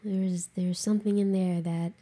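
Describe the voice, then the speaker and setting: A woman's voice: medium pitch, fairly even intonation, moderate pace, dark tone. A woman co-hosting a podcast, frankly telling a personal story with emotion, swearing freely and saying "like" a lot. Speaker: podcast co-host.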